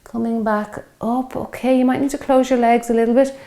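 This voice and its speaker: A woman's voice: a little high, fairly even intonation, fairly quick, mellow. A woman, leading a home workout and coaching encouragingly while exercising, a bit out of breath. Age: 50s. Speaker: fitness instructor. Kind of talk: guided workout instruction.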